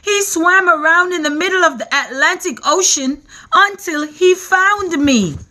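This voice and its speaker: A woman's voice: very high-pitched, lively intonation, unhurried, bright, forceful tone, pitched above the performer's own voice, heavily acted. A woman voicing a vain, dramatic male centipede in a storybook, breathless and fussy. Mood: gasping.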